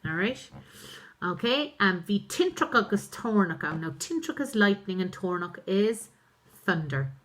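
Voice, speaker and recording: A woman's voice: mid-range voice, big pitch swings, a little slow, a bit bright. A woman, a primary school teacher reading a story aloud and explaining each phrase in plain terms. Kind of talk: reading and translating a story for pupils.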